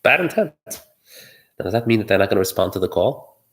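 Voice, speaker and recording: A man's voice: low-pitched, steady tone, fairly quick, darkish tone. A man giving solo political commentary, arguing his point while thinking aloud, with many fillers and restarts.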